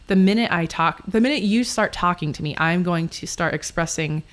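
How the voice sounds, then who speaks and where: A woman co-hosting a podcast in casual chat, animated and ranting, laughing often. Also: fairly low pitch, fairly quick. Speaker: podcast co-host.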